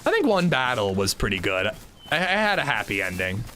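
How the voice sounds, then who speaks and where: Lively bright-voiced man with a sore throat. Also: medium pitch, fairly quick, slight background noise. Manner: rambling, loose, full of fillers. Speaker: gaming livestreamer. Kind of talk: casual gameplay commentary.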